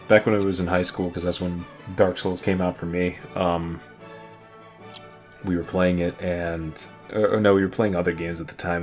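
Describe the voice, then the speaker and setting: Deep-voiced man rambling about games. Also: a little mellow. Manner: rambling, laughs often, swears casually. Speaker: podcast co-host. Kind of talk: casual gaming chat.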